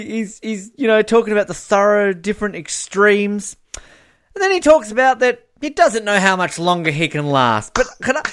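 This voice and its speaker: A man's voice: high-pitched, a bit bright. An Australian man co-hosting a podcast, chatting casually and recapping a reality show, laughing often and acting out quotes. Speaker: podcast co-host.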